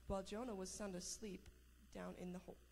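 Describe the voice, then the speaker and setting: A woman reading a Bible passage aloud in a steady voice, with small slips and restarts. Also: medium pitch, brisk, creaky, long reverb tail, slight background noise. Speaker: scripture reader.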